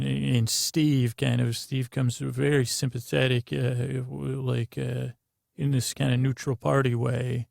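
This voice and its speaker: A man hosting a bedtime podcast, rambling slowly and aimlessly with many fillers. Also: mid-range voice, gravelly, a little mellow, no echo, clean studio sound. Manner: meandering and slow, with many fillers. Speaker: podcast host. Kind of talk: drowsy bedtime podcast monologue.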